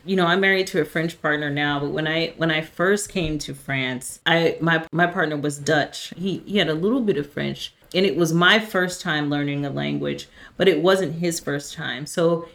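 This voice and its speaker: Low-voiced woman hosting a chat. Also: normal speed, gravelly, few pauses, a bit bright. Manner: thoughtful, lots of "you know" fillers. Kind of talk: casual chat.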